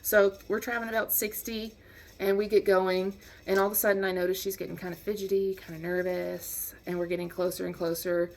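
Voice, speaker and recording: A woman casually telling a personal anecdote in a lively, wry way, acting out the lines of the people in it. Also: medium pitch, a little fast. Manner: lively, wry, acts out quotes. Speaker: storyteller.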